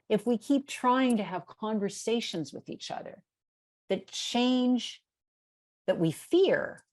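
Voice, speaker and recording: A middle-aged woman answering questions on a video call, telling stories in a relaxed way with many fillers and restarts. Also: medium pitch. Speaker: keynote speaker.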